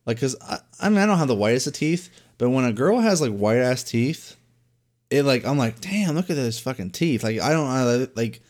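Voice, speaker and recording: Rambling young man with lively pitch. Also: moderate pace. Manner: rambling, heavy filler words, swearing. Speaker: podcast co-host. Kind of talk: casual chat.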